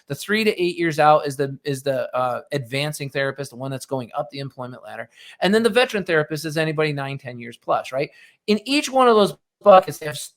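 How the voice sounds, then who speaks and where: A middle-aged man with a slightly high voice talks through business advice on a podcast. He is animated and conversational, and he slips into quick acted-out bits of dialogue to make his point. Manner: animated, acts out little dialogues. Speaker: podcast host.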